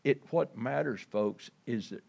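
A man's voice: medium pitch, unhurried, vocal fry, darkish tone. A man preaching a sermon in a folksy, conversational way, reading scripture and talking to his listeners as folks. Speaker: pastor.

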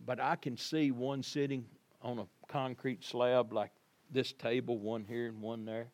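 This Easter sermon comes from a male pastor at medium pitch. Addressing his congregation, he tells the story vividly, moving back and forth between quiet stretches and loud emphasis.

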